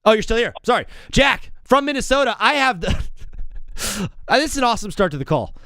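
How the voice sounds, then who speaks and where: A man hosting a live sports comedy call-in stream, bantering with callers in an energetic, joking, rambling way. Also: sits high, a little fast, no echo, clean studio sound.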